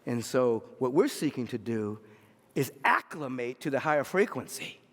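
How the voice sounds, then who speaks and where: A man preaching a sermon as a pastor, telling stories in an animated way and swinging between loud and hushed delivery. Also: mid-range voice, moderate pace, long reverb tail.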